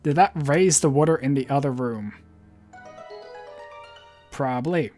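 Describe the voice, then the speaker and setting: A man's voice: mid-range voice, a little slow, a little mellow, faint music behind. A man casually narrating his gameplay and thinking aloud, with hesitant fillers and asides. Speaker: let's play gamer. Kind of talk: casual gameplay commentary and reading dialogue aloud.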